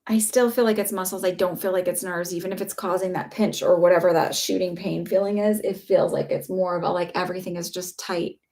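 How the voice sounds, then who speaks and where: A woman's voice: fairly low pitch, fairly even intonation, brisk, few pauses, warm tone. A woman giving a live psychic reading, chatty and reassuring, with lots of fillers. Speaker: psychic reader. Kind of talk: live-stream reading, casual chat.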